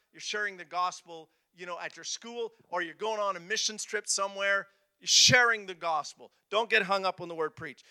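High, bright-voiced preaching man. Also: clean tone. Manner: emphatic, repeats phrases, swings from loud to soft. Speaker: pastor. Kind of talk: sermon. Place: church.

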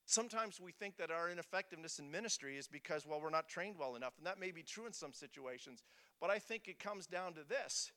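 Male pastor preaching in church, bright smooth voice, repeats himself for emphasis. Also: on the high side. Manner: emphatic, repeats phrases, swings from loud to soft. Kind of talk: sermon.

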